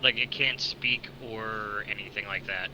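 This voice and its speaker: A man narrating a tabletop game as game master in a relaxed, casual way, swearing and laughing often. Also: lowish voice, unhurried, noisy background.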